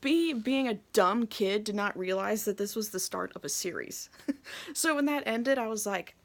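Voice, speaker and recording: A young adult woman telling a casual story about her gaming memories, laughing often and moving between hushed asides and excited bursts. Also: mid-range voice, moderate pace. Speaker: video host.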